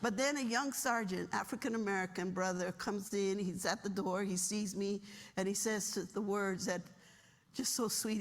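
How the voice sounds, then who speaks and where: A woman's voice: medium pitch, moderate pace. A middle-aged woman, a retired military officer, telling stories with humor in a keynote speech in a large hall. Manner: animated, humorous storytelling. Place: large hall, luncheon event. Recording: long reverb of a large hall.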